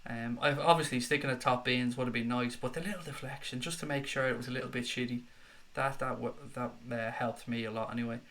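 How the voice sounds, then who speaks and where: Excitable bright-voiced man hosting a live stream. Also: medium pitch, fast talker. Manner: excitable, chatty, reads out viewer comments. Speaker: football fan channel host. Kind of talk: live-stream chat reaction.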